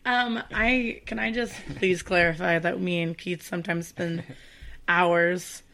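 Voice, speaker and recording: Low gravelly-voiced woman podcaster. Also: steady tone, measured pace, pushed and bright. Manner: chatty, giggly, self-deprecating. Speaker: podcast co-host. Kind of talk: casual podcast chat.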